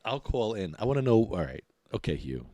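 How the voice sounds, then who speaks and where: A middle-aged man, hosting a podcast and ranting in a mocking, animated way. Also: on the low side, a little fast, no room sound. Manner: animated, mocking, laughs often. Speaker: podcast host.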